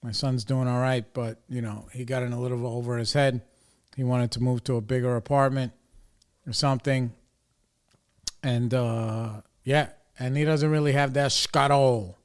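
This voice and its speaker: A man's voice: medium pitch, fairly even intonation, moderate pace, a little mellow. A middle-aged man hosting a podcast, telling a long, exasperated story in a rambling, profane, casual way. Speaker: podcast host. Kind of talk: casual recovery podcast rant.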